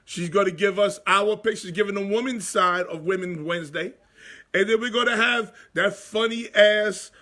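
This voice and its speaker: Bright, slow-talking male sports host. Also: high voice. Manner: chatty, gives shout-outs to viewers. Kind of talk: casual live-stream talk.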